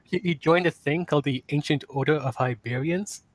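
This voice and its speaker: A man's voice: a little high, fairly quick, a loud crowd. A laid-back man guesting on a live podcast, chuckling as he talks. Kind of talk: casual live-stream chat.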